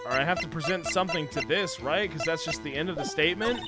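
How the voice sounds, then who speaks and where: A man's voice: on the high side, fast. A man streaming a game, rambling and joking as he thinks aloud. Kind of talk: casual gameplay commentary. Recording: game music behind.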